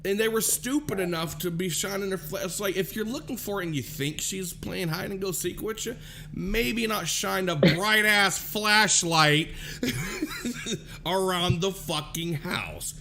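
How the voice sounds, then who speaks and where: A man hosting a casual talk show, telling a story in a profane, animated way. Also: high voice, measured pace, vocal fry, a little hiss or hum.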